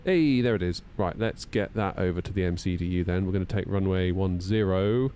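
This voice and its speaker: A deep, warm male voice, a little fast, with slight background noise. The speaker, in his 30s, streams a flight simulator from home, chatting and joking with viewers and making fun of himself as he runs checklists.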